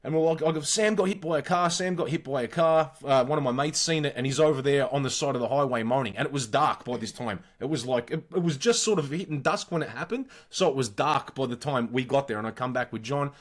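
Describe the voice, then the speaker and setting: A man in his forties with an Australian accent, a podcast co-host telling wild childhood stories in a blunt, profane, animated way. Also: mid-range voice, quick pace, few pauses. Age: 40s. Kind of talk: casual storytelling.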